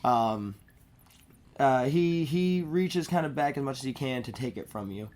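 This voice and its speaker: A woman's voice: rumbling low, expressive, a little slow, darkish tone. A woman narrating a tabletop game as game master, with a scratchy throat and a hesitant delivery full of fillers. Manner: hesitant, many fillers and restarts.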